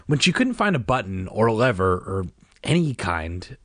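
A man's voice: fairly low pitch, sing-song, normal speed, dry recording, clean studio sound. A man reading a children's book aloud, tossing in wry asides. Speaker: reader.

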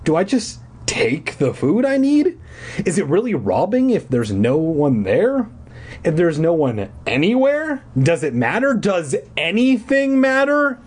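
A man voicing an angry, frightened twelve-year-old girl, pitched high with emotional outbursts. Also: wildly swooping pitch, a little slow, a little mellow, breathy edge, exaggerated voice. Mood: anxious.

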